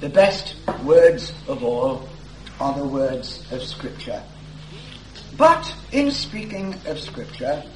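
A man preaching an expository sermon, his voice rising and falling widely as he stresses each key word. He takes his time over every phrase. The room echoes, with a faint hum underneath. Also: high voice. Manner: slow, deliberate, stresses words for emphasis. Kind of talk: expository sermon reading scripture.

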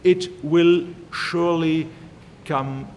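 A man preaching a sermon in a measured, emphatic way, slowly repeating his key phrases. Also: fairly high pitch, steady tone, darkish tone, slight background noise. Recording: long hall reverb.

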